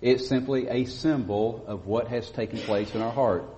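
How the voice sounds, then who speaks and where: A man preaching a sermon as pastor, speaking emphatically and rising to loud stresses on key words. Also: medium pitch, moderate pace, a little hiss or hum. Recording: dull lo-fi audio with long church reverb.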